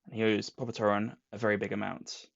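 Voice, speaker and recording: Speaking fast and flat in a fairly low, creaky voice, a podcast co-host casually runs through a comic plot with put-on quotes. The recording has no echo and a dull lo-fi sound.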